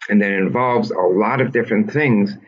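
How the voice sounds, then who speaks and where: A man with a deep, husky voice explains ideas patiently, like a teacher, often stopping to restart a phrase. He is a therapist answering interview questions. The recording sounds a little dull and lo-fi. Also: moderate pace. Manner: thoughtful, teacherly, with frequent restarts. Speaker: trauma therapist, guest.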